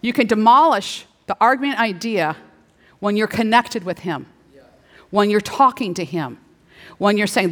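A middle-aged woman preaching a sermon, playful and animated, slipping into little acted-out dialogues. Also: mid-range voice, measured pace. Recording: long hall reverb.

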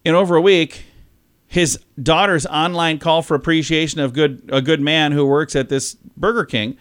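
A man co-hosting a radio talk show, telling a news story in a chatty, animated way. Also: a little high, normal speed, smooth. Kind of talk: casual radio chat.

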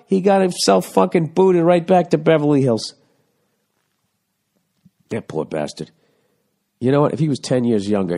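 A man's voice: on the high side, vocal fry, darkish tone. A man hosting a casual comedic monologue, reading a listener's letter and answering in a blunt, profane, ranting way. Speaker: podcast host giving advice.

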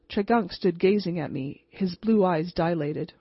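A woman narrating an old ghost story as an audiobook in a measured, even way. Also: fairly low pitch, gravelly, husky, no echo. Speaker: audiobook reader. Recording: dull lo-fi home recording.

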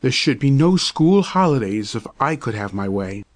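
A man's voice: medium pitch, sing-song, normal speed, close to an everyday voice. A man reading aloud and voicing a pompous, irritable doctor who talks in a stiff, indignant, lecturing way. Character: pompous irritable male doctor, middle-aged.

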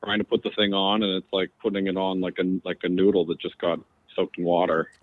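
Man calling in, fumbling with fillers, sheepish, a bit low, thin phone-line sound. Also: little pitch movement, fast, dry recording. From near Boston, Massachusetts. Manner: hesitant, full of fillers, sheepish humor. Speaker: caller. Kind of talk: call-in on a radio show.

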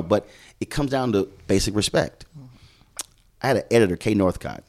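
A man's voice: medium pitch, animated, fast, pauses often. A middle-aged man, a journalist from Houston, telling stories from his career in an emphatic conversational way and acting out the dialogue he quotes. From Houston, Texas. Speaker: journalist and show host, podcast guest. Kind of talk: conversational storytelling.

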